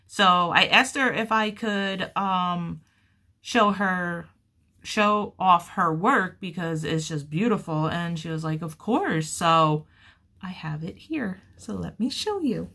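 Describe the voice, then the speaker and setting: A woman talks through a crochet-along in a relaxed, unhurried way, often gushing over the yarn and colors. Her voice is bright and lively in tone, and she keeps the chat casual and warm-hearted. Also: lowish voice. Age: adult with children. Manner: chatty, gushing and upbeat. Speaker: crochet vlogger.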